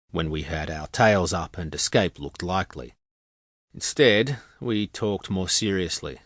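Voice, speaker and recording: An audiobook narrator with a deep voice reads a first-person novel, telling the story in a wry, conversational way. He's close to the mic, and there's no echo.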